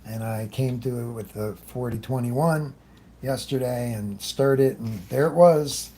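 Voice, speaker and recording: Easygoing man host of a live art demo, slow and mellow, chatty and meandering, greets viewers by name. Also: mid-range voice, slight background noise. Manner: talks while working, trailing off often. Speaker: airbrush artist hosting a livestream. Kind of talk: casual live demonstration.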